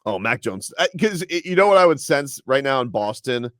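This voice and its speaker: A man's voice: mid-range voice, sing-song, brisk, dry recording, clean studio sound. A man hosting a sports radio show in chatty banter, riffing on fans with mock quotes.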